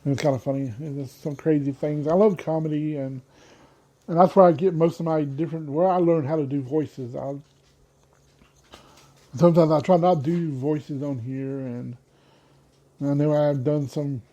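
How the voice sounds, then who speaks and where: A man's voice: a little high, fairly even intonation, moderate pace, long pauses, warm tone. A man hosting his own podcast in casual solo talk, rambling and often losing his train of thought. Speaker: podcast host.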